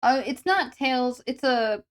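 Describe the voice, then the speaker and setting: A woman's voice: high voice, lively intonation, takes it slowly. Rambling, self-deprecating woman streamer. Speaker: artist streaming sketch commissions. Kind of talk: casual chat while drawing on stream.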